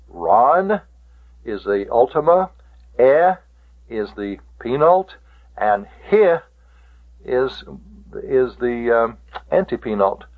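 A man teaching a Greek vocabulary lesson. He repeats each word slowly and stresses how it is pronounced. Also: mid-range voice. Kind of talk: classroom lecture on Greek vocabulary. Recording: tinny, phone-like lo-fi recording.

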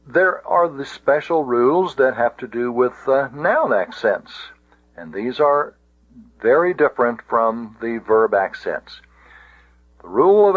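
A man teaching a Greek grammar lesson in a slow, deliberate way, pausing with many fillers. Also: medium pitch, no echo. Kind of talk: recorded lesson. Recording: tinny phone-like audio.

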